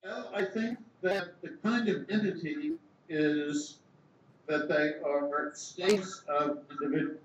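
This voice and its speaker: An older man with a slightly high voice gives a measured academic explanation, thinking aloud as he goes. The sound is dull and echoey, with steady hiss behind him. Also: recorded from a distance. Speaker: philosopher interviewee.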